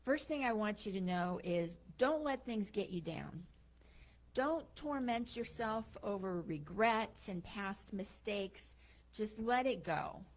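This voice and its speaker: A woman's voice: medium pitch, expressive, slow, poor audio. A woman voicing a small male talking bird, wise and teasing, in a spoken parable. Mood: earnest. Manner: playful, gloating.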